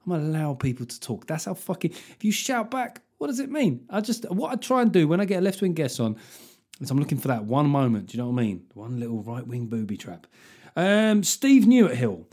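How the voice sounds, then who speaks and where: A man's voice: medium pitch, darkish tone. Sweary middle-aged guy ranting on his podcast, mock outraged, medium voice. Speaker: podcast host. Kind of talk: casual comic monologue.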